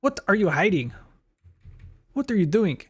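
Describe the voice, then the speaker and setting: A man's voice: sits high, sing-song, normal speed, a bit bright, breathy edge. A man streaming a retro game, rambling through bemused reactions and questions to himself. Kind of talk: live let's-play commentary.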